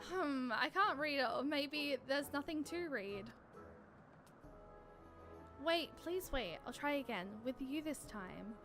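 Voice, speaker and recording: A gentle, curious young girl-like creature speaks in a soft, earnest, questioning way, as a woman reads her lines from a game. The voice is high and bright, and the pace is slow and unhurried. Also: animated, soft background music, exaggerated voice. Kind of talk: reading game dialogue aloud.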